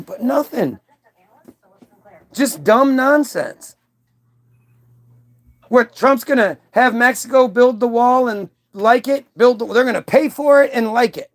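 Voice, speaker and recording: A man's voice: very high voice, a little slow, pauses often. A man delivering a combative, profane, rambling monologue to his stream audience, often restarting his sentences. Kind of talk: ranting monologue.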